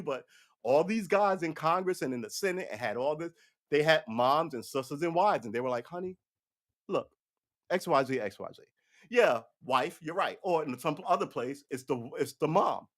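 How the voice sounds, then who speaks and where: A man's voice: fairly high pitch, animated, fairly quick. A man giving a casual, opinionated live-stream monologue on current events, rambling and swearing as he goes. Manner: rambling, profane, mocks others with put-on voices. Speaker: live-stream political commentator.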